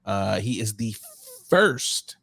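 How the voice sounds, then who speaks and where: A man's voice: mid-range voice, animated, brisk, fairly bright tone, no echo. A man co-hosting a podcast in casual chat, joking and laughing often. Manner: laughing, joking, slips into mock voices. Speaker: podcast co-host.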